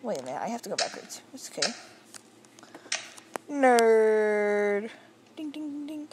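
A woman chattering through a let's-play, excitable and full of goofy sound effects and sudden yelps. Her voice sits a little high and leaps all over the place. Loud clicking runs constantly under her talk. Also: very fast, noisy background. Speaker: gamer.

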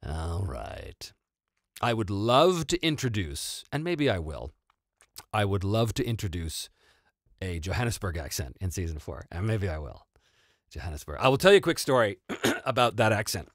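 A North American man hosting a casual livestream Q&A, animated and quick to laugh as he tells stories. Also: on the low side, no echo, clean studio sound. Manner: animated, laughing, self-interrupting. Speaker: host and voice actor.

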